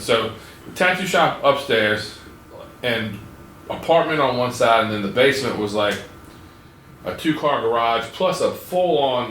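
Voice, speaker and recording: A man's voice: medium pitch, a bit bright, roomy sound, distant mic, a little hiss or hum. A man hosting a podcast, telling a rambling, profane story and laughing along the way. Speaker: podcast host. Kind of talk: casual storytelling.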